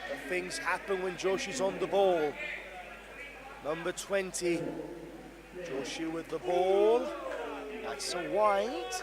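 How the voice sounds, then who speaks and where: A man giving live cricket commentary, excitable, breaking into shouts when something big happens. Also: high-pitched, takes it slowly, pauses often. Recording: noisy crowd at an indoor venue. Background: crowd and venue noise.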